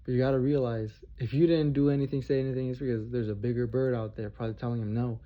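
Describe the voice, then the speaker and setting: A man's voice: mid-range voice, steady tone, quick pace. A man delivering a heated, profane, confrontational monologue rant straight to his viewers, repeating himself for emphasis. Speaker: vlogger. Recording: dull lo-fi recording.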